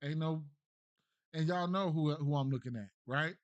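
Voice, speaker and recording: A man's voice: on the high side, normal speed, clear, resonant tone, dry recording, lo-fi sound. Slangy man thinking aloud, dry close mic. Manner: loose, slangy, repeats "right?" often; thinks aloud, trails off and restarts. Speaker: sports betting host. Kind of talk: casual betting breakdown.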